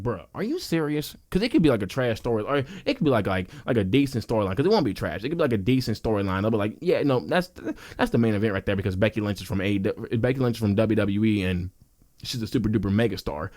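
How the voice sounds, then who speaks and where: A young man hosting a casual podcast, his voice sitting a little low. He rants with passion and gets worked up, circling back to the same points for emphasis. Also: a little mellow. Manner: passionate, worked-up, repetitive ranting. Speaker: wrestling podcast host. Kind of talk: casual opinion rant.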